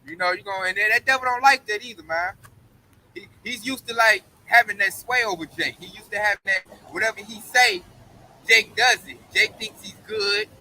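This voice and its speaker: A man's voice: high voice, fairly quick, bright, forceful tone, slight background noise, low-quality recording. A man giving an emphatic, slangy Bible study, often tagging his points with "man". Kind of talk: casual preaching discussion.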